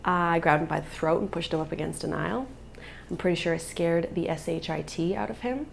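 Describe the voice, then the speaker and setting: A woman's voice: fairly low pitch, a little fast, gravelly, a little hiss or hum. A woman in her thirties, a vlogger and mother, telling a personal story in an earnest, emotional way.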